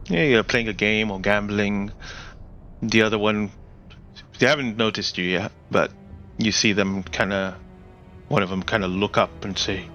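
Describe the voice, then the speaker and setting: A man's voice: lowish voice, fairly bright tone. A man narrating a tabletop game as game master, describing scenes in a rambling way with plenty of fillers.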